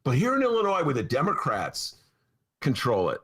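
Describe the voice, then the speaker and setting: A man hosting a casual political talk show, telling rambling stories that break into shouted rants. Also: on the high side, wildly swooping pitch, normal speed, husky. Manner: rambling storyteller who breaks into ranting, shouted asides.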